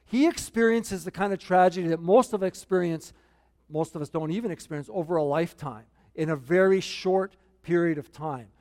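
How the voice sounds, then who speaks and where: A man's voice: sits high, fairly quick, darkish tone. A man preaching a sermon as pastor, earnest and repeating key points for emphasis. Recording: long hall reverb.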